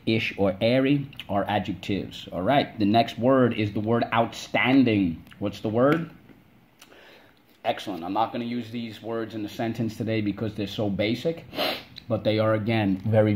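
A man's voice: on the low side, darkish tone. A man teaching a spelling lesson to kids, drilling words in call-and-response and stretching them out syllable by syllable.

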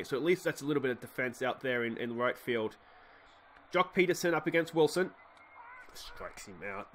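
An Australian man giving excitable play-by-play commentary on a baseball sim game, swinging from muttered asides to shouted cheering at a desktop microphone. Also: on the high side, a little hiss or hum. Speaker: let's play host.

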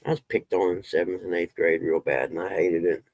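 A man's voice: low-pitched, fairly even intonation, fairly quick, dry recording. A man casually chatting with viewers on a live stream, folksy, and swearing when he gets fired up.

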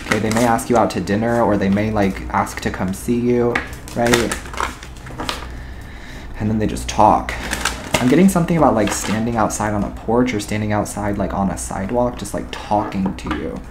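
A man's voice: lowish voice, moderate pace, noisy background. A man doing a tarot reading to camera, rambling and intuitive, often checking in with "okay?" and "all right?". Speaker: tarot reader.

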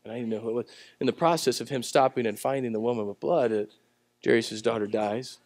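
A man preaching a sermon at a church service, telling the story in a conversational way and swinging between loud, emphatic lines and quiet ones. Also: mid-range voice, steady tone, quick pace, no echo. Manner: conversational storytelling with acted-out voices. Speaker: pastor.

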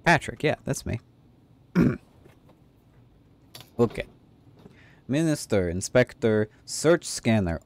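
A man playing a video game and riffing in a mock broken-English voice as a border inspector. His pitch jumps around a lot while he keeps a slow, unhurried pace. The sound is close and dry, with no room echo. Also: a little mellow. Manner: swears and laughs casually. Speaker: let's play gamer.

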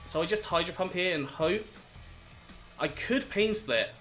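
A man in a slightly raised register narrates his game battle live, reasoning through each move out loud. When things go wrong he bursts into disbelieving outcries and blames himself. A soft music bed plays underneath. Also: sits high, lively intonation, unhurried. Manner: thinks aloud, self-critical, flares into exasperated outbursts. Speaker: gaming video host.

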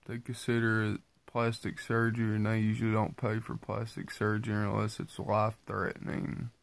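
This vlogger is a man who has just woken up and sounds tired, his voice creaky and stuffed up from sinus trouble. At a moderate pace and with completely flat delivery, he rambles through a low-key, casual weight-loss update for his viewers.

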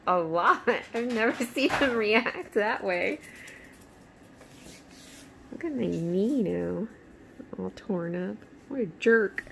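A young woman with a high, bouncy voice that rises and falls a lot, talking at an unhurried pace. She laughs easily and scolds her dog between reading out the product labels. The home recording carries a steady, noticeable background hiss. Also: creaky. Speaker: vlogger unboxing a dog toy box. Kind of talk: casual unboxing chat.

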